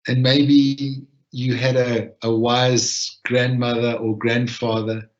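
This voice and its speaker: A man gently leading a guided reflection and breathing practice, talking in an unhurried way with long pauses. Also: medium pitch, flat delivery. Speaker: session leader. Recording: dull lo-fi online audio.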